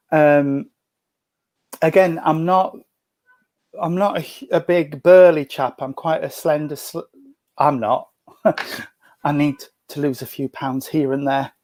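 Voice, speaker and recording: A man giving a gentle, chatty mediumship reading at home over a video call, full of endearments. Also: fairly high pitch, gravelly, dry recording. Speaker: spiritualist medium. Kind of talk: mediumship reading in an online service. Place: at home at a breakfast table.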